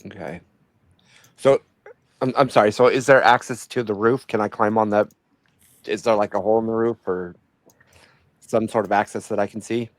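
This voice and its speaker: Male player, lowish dry voice, quick eager questions. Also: fairly even intonation, no room sound. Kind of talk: tabletop game play.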